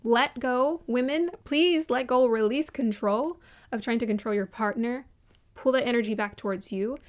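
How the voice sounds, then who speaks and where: A woman with a fairly high voice talks straight to her viewers in a casual, opinionated review. She is emphatic, circles back to repeat her points and laughs easily between them. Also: moderate pace. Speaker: vlogger reviewing a reality show.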